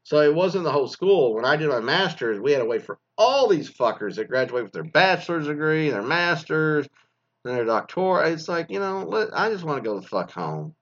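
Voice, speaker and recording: A man's voice: fairly high pitch, brisk. Blunt, foul-mouthed man ranting. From Texas. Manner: blunt, heavy swearing, animated storytelling. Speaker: former teacher. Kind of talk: profane ranting monologue. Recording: slightly dull lo-fi recording.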